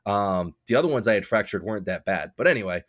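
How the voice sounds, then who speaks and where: A man's voice: animated, quick pace, a bit bright. A man co-hosting a casual podcast, telling a rambling story with lots of swearing and laughter. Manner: acts out other people's lines in a lower voice. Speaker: podcast co-host. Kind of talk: casual chat.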